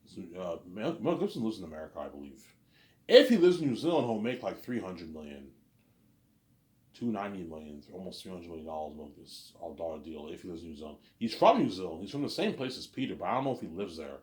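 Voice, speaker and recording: A man's voice: low voice, very animated, fast, darkish tone. A man rambling on in a casual monologue, repeating and restarting his phrases. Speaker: vlogger. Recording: echoey room.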